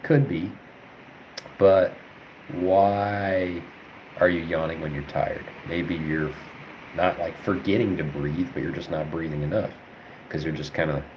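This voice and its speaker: A man's voice: sits low, steady tone, slow pace, background noise. A young man, a veterinary student, talking casually while studying and rambling through his thoughts with plenty of fillers. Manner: rambling, thinks aloud with many fillers. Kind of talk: casual study livestream, answering chat.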